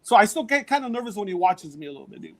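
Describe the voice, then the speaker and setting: A man's voice: high-pitched, rapid-fire. A male comedian, chatting casually on a podcast, swearing and repeating himself as he gets going. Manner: profane, slangy, repeats words when excited. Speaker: comedian and actor.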